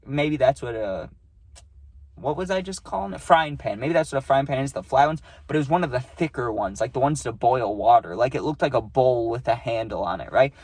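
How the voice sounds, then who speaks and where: A man's voice: mid-range voice, lively intonation, fairly quick, a little mellow, no echo. A young man casually telling a story in a rambling, slangy way, cursing and saying dude a lot.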